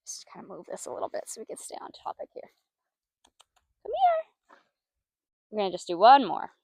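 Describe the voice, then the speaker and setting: A woman horse trainer talking casually as she works outdoors with a horse, praising it softly. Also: medium pitch, expressive, very fast, creaky, dry recording, clean studio sound. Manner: soft, coaxing praise to the horse.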